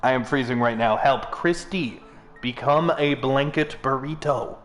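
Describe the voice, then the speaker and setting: A man's voice: medium pitch, fairly even intonation, normal speed, fairly bright tone, soft background music. A man hosting a let's play, making casual, teasing commentary with joking asides.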